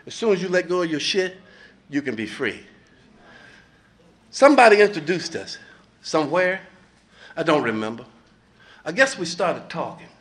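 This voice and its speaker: A middle-aged man giving a blunt, profane, animated speaker share at a recovery meeting, laughing between lines. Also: fairly high pitch, moderate pace, pauses often. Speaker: recovering addict sharing at a meeting.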